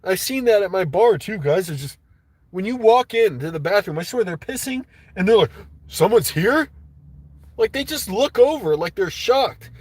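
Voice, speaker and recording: A man's voice: high voice, expressive, moderate pace, a little mellow, no echo. A man hosting a livestream, ranting casually and angrily with lots of swearing. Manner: profane, agitated ranting. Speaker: livestream host.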